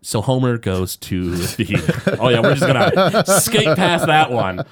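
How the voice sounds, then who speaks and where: A man co-hosting a casual podcast, recapping a cartoon episode with lots of fillers. His pitch leaps and dips as he tells the story. He slips into exaggerated voices for the quotes. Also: lively intonation, a little slow. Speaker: podcast co-host.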